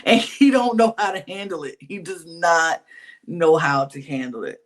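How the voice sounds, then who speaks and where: A man co-hosting a podcast, recapping a reality dating show in casual chat with lively slang-filled storytelling. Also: fairly high pitch, moderate pace. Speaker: podcast co-host.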